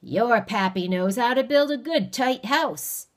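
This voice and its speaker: A woman's voice: on the high side, lively intonation, measured pace, pitched above the performer's own voice. A woman voicing a heavy-set, bearded backwoods stranger who is sly and cheerful, talking in a folksy drawl. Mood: easygoing.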